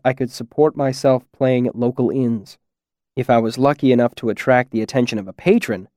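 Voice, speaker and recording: Guy reading a fantasy audiobook, calm and reflective, dry sound. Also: mid-range voice, no room sound. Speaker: audiobook narrator. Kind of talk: scripted first-person narration.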